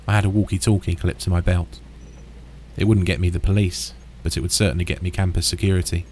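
Deep-voiced man narrating horror. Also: little pitch movement, fast, darkish tone, a little hiss or hum. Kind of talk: first-person horror story narration.

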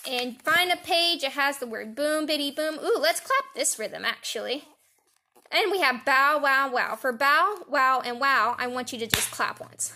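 A woman's voice: high-pitched, pushed and bright, a little hiss or hum. A woman music teacher leading young children through an online lesson, counting them in and chanting rhythms for them to clap along. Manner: cheerful, leads chants and clapping with counts. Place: home recording for distance learning.

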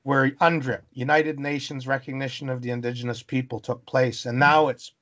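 A man from British Columbia, Canada, telling a story as an interview guest, animated and acting out voices. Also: medium pitch, normal speed. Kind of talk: storytelling in conversation.

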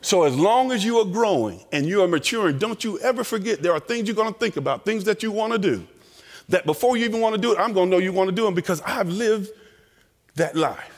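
Animated preacher in a reverberant chapel. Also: male voice, high-pitched, fast. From American South. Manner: animated storyteller acting out voices. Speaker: chapel speaker. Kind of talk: storytelling sermon. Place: college chapel.

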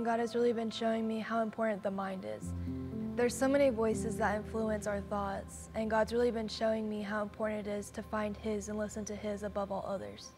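An eighteen-year-old woman giving a sincere personal church testimony. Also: medium pitch. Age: young adult.

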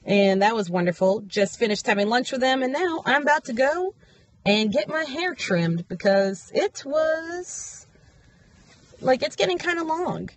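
A woman's voice: animated, a little slow. A young woman in casual vlog chat, telling her day in a chatty, upbeat way. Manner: chatty and upbeat, high baby talk to her dog. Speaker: vlogger.

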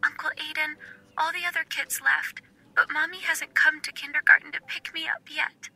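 A woman voicing a tearful little kindergarten girl in an audiobook, soft and at times whispery. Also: high-pitched, a little slow, soft background music, pitched above the performer's own voice.

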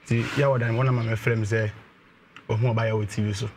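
A man with a fairly low voice calls in to tell his story. He speaks slowly and haltingly, and faint noise sits behind him on the line. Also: little pitch movement. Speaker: caller. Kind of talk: telling a personal problem.

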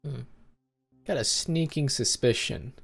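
A man giving excitable, profane, joking commentary while playing a horror game. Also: mid-range voice, unhurried, creaky, husky. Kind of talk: let's play commentary. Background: game music.

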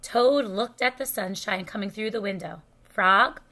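A woman reading a children's storybook aloud in a slow, careful way. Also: medium pitch. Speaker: storybook reader.

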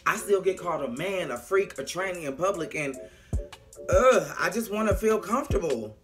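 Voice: medium pitch, expressive, moderate pace, fairly bright tone, faint music behind. A young adult vlogger recapping a TV episode in a sassy, dramatic way, acting out the characters' lines and speaking frankly and profanely to the viewers. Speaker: TV episode reviewer. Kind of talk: casual, animated recap with impressions.

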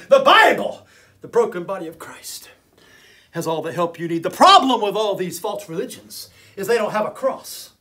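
A man preaching a fiery sermon as an evangelist, often shouting and repeating his phrases. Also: sits high, big pitch swings, moderate pace.

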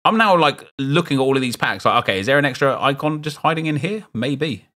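With lively intonation and a brisk, bright, forceful delivery at medium pitch, a South London streamer narrates his football game pack openings. He's chatty and rambling, cracking jokes to his chat.

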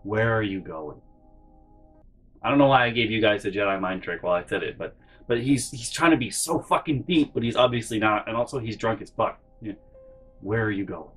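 A man telling a funny story in a profane, animated way, acting out the people in it. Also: lowish voice, fast, husky, faint music behind, low-quality recording. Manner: animated, profane, acts out every character. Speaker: storytelling comedy vlogger. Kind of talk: comedic storytelling.

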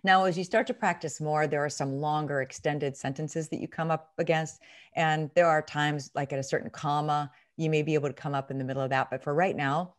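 A woman's voice: low voice, fairly even intonation, fairly quick. A middle-aged woman acting coach explaining a reading technique in an interview, emphatic and demonstrative. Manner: emphatic, demonstrative teaching with quoted examples. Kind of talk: instructional interview.

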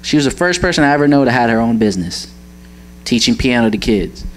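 This young man talks fast and expressively in a mid-range voice, giving an earnest church testimony centered on his mother. He laughs as he speaks and often searches for words. The recording is rough, with slight background noise.

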